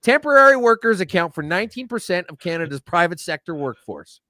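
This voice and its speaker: A man's voice: high-pitched, sing-song, a little fast, sharp tone, dry recording, studio quality. A man hosting a casual news chat, reading headlines aloud and teasing his guest with sarcasm. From Alberta. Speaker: show host.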